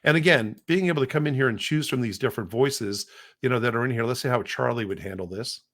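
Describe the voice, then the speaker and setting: A man co-hosting a podcast, chatting casually through a software demo with lots of fillers. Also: medium pitch, fast. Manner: rambling, many fillers. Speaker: podcast co-host.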